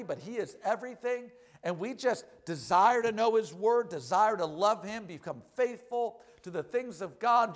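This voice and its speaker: Male preacher, high voice, animated sermon, calls of amen and hallelujah.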